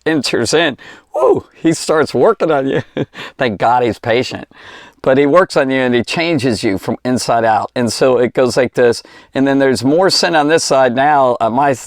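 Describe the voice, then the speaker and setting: Man, Bible teacher, chatty and animated, average pitch, dry recording. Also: dry recording. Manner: animated and chatty, with laughs and restarts.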